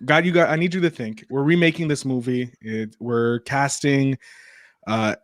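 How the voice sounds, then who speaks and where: A man's voice: mid-range voice, fairly even intonation, moderate pace, dry recording, clean studio sound. A man hosting a movie podcast, chatting casually and plugging shows between questions. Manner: chatty, plugs shows, self-deprecating about stuttering. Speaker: podcast host. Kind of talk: casual chat.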